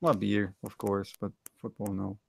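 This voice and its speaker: Gravelly-voiced man chatting on a panel. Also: fairly low pitch, little pitch movement, moderate pace. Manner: rambling, self-correcting, wry asides. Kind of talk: casual online panel chat.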